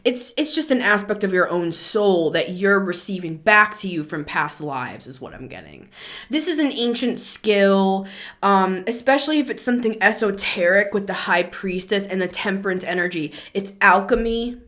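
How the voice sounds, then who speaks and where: A woman giving a casual, chatty tarot reading to camera, animated and quick to laugh. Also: mid-range voice. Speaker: tarot reader.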